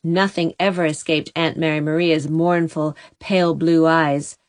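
A woman narrating a storybook chapter in a steady, expressive reading. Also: deep voice, a little slow, no room sound. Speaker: audiobook narrator.

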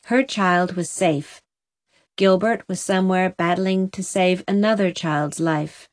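A woman narrating an audiobook in a gentle, measured reading style. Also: lowish voice, no echo.

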